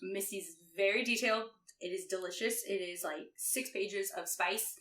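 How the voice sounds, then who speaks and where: A woman guest author recapping a book in casual podcast chat, animated and laughing often as she tells it. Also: mid-range voice, moderate pace. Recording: echoey room.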